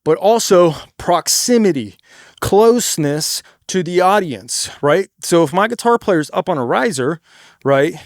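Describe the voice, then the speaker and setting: A young man who sings in a band gives a casual, energetic lesson on stage moves, swearing freely and often tagging "right?" and "dude". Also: high-pitched, a little slow, no room sound, studio quality. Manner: energetic, demonstrates moves, bursts into shouted song lines. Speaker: singer giving stage tips.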